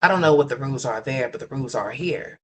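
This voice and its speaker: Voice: medium pitch, fast, fairly bright tone, a little hiss or hum. Livestream commentary host: blunt, profane gossip rant aimed at the audience, mid-range voice. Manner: blunt, profane, repetitive, talks straight to viewers. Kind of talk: ranting gossip commentary to live chat.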